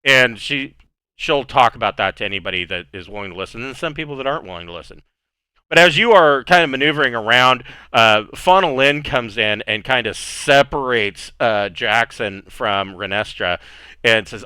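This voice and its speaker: A man runs a tabletop game as game master, narrating in a relaxed, rambling way with lots of fillers. His voice is bright and smooth, and it sounds close and dry. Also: mid-range voice, normal speed, no echo.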